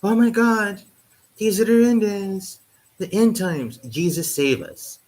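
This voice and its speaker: A man's voice: high-pitched, lively intonation, takes it slowly, a little mellow, pitched above the performer's own voice. A man mimicking his shocked elderly relatives, who cry out in alarm and plead for salvation. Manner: exclaiming in alarm, pleading to Jesus.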